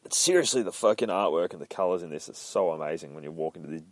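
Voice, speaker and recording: A man's voice: low voice, fast, no room sound. A man casually narrating a comic book page by page, rambling and swearing, often laughing. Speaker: comic book podcast host. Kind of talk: casual comic read-along.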